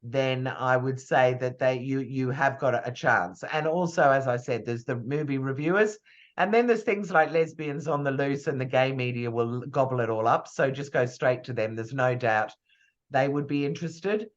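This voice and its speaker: A man's voice: medium pitch, normal speed. Man, PR coach, rambling friendly advice over a muffled video call line. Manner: chatty, hesitant, thinks aloud with fillers and restarts. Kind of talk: live online masterclass Q&A.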